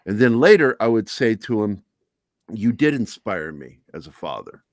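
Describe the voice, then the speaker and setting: Man, middle-aged, low-pitched, dry sound, candid, profane, self-deprecating storyteller. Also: big pitch swings, moderate pace, no echo. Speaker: podcast host.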